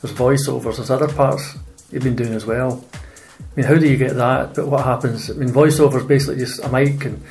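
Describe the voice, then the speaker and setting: A man's voice: medium pitch, fairly even intonation, a little fast, few pauses, darkish tone, soft background music. A man interviewing a guest, giving short acknowledgements and asking conversational questions. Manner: brief backchannels and conversational questions.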